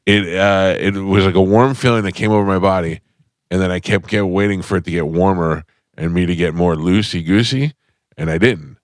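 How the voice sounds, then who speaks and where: Deep-voiced man telling a rambling story. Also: fairly quick, no echo, studio quality. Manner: rambling comic storytelling, self-deprecating. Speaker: radio show host. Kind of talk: casual radio chat. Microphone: studio microphone.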